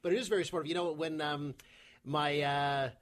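Brief: fast-paced, joking man in a relaxed podcast chat. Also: on the high side. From Canada. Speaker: comedian guest.

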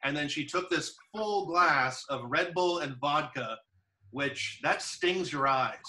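A man's voice: fairly high pitch, expressive, slow pace, bright, forceful tone, far from the mic, rough recording. A man chatting casually, telling a long anecdote with many fillers and restarts. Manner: rambling storyteller, many fillers. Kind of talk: casual chat.

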